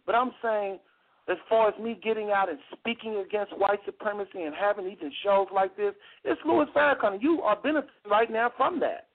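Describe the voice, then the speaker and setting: On a heated call-in radio program, a high-voiced American host talks fairly quickly, pressing his arguments emphatically and repeating phrases. Everything sounds tinny, like phone-line radio.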